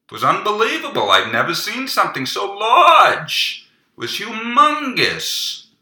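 A man putting on the high, excited voice of a boastful circumciser telling his wife about his day over dinner. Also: a little slow, echoey room, exaggerated voice. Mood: boastful gossip. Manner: exclaiming, kvetching storyteller. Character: boastful, gossipy male circumciser at the dinner table.

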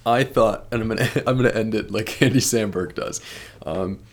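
A young man chats on a podcast with a fairly low voice. He is halting and playful, laughing often as he talks. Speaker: podcast co-host. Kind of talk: casual chat. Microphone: remote recording.

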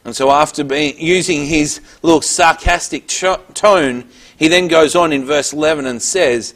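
A man's voice: a little high, moderate pace, a bit bright. A man preaching a Bible teaching, reading verses aloud and then explaining them in plain words. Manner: reads scripture aloud then explains it, with small restarts.

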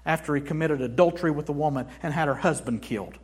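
A man with a fairly high, husky voice preaches a sermon in a church. His delivery swings from quiet, intimate lines to punchy, forceful emphasis as he drives each point home. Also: fast. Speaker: pastor.

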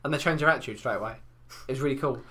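A man's voice: medium pitch, rapid-fire, pushed and bright. A man, ranting and swearing in casual chat, often acting out other people's voices. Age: 20s.

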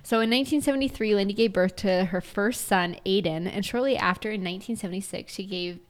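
A woman's voice: mid-range voice, quick pace. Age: -. Sex: woman. Role: giggly podcast co-host. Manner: giggly, laughs often while telling a story. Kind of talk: casual true-crime podcast chat.

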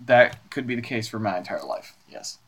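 A man's voice: medium pitch, expressive, normal speed, crowd noise. A man narrating as game master of a tabletop game, playful and laughing as he describes scenes.

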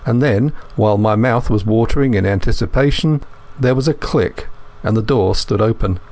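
A man reading a first-person thriller as an audiobook narrator, in a measured, steady manner. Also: on the low side.

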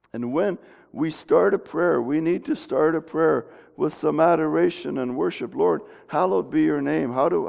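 A middle-aged male pastor preaches a folksy, conversational sermon in a church sanctuary, often restarting his sentences. His voice is on the high side, creaky, and a little mellow, and the recording carries the long reverb of a church hall.

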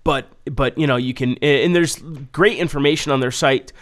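A man's voice: normal speed, a bit bright. A man in casual chat, telling rambling stories loosely with lots of swearing and fillers. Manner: mimics people's voices in a high, singsong pitch when quoting.

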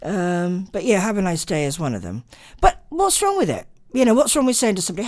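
A woman's voice: mid-range voice, sing-song, fairly quick, a little mellow, no room sound, studio quality. A tired woman hosting late-night radio, chatting and rambling with lots of ums. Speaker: radio host.

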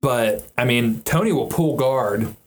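A man's voice: medium pitch, a little slow. Guy rambling about fights, cursing a lot, a bit of faint hiss behind. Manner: profane, rambling, frequent restarts. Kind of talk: casual chat about fighting.

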